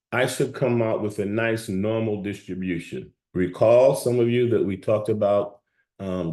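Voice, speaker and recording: A man's voice: sits low, dark tone, echoey room. A man giving an evening lecture on statistics to students, talking conversationally and often checking in with "okay?".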